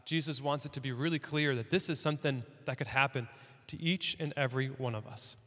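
A man preaching a sermon in a church, talking in a conversational, animated way. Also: mid-range voice, a little fast, in a large hall. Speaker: pastor.

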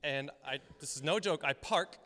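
A man's voice: a little high, moderate pace, bright, forceful tone, long reverb tail. A young adult man preaching a sermon as pastor, telling a story in a conversational way and laughing often. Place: church hall.

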